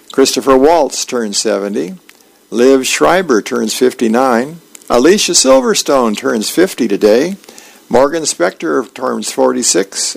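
A man reading the newspaper aloud on a radio reading service, plain and unhurried with small slips and fillers. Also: medium pitch, vocal fry, low-quality recording. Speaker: volunteer newspaper reader.

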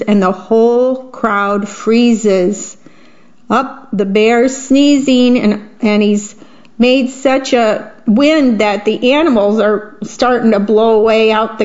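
A woman reading picture books aloud to children in a gentle manner, pausing to describe the pictures. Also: a little high. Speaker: storybook reader. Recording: dull lo-fi recording.

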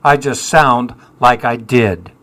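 An older man in his seventies who talks at an unhurried, measured pace. His voice sits in an ordinary middle register, and his answers are wry and self-deprecating. He reflects on his life with a dry sense of humour. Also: mid-range voice, fairly bright tone. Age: 70s. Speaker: musician guest.

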